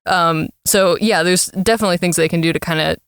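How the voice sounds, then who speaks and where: Female co-host, easygoing recap talk, clean smooth voice, dry close mic. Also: on the low side, quick pace, dry recording. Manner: relaxed, thinking aloud with likes and fillers. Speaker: podcast co-host. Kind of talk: casual recap chat.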